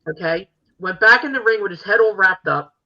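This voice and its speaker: An older woman hosting a podcast, telling stories in an animated, gushing way. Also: medium pitch, brisk, muffled recording, crowd noise. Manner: animated, gushing fan storytelling. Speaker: podcast host. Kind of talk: casual chat.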